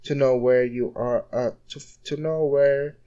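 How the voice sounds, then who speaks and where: Man doing earnest young hero, stammering, halting, repeats words, mid-pitched voice. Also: steady tone, mellow, clear, resonant tone, lo-fi sound, close to an everyday voice. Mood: coaxing.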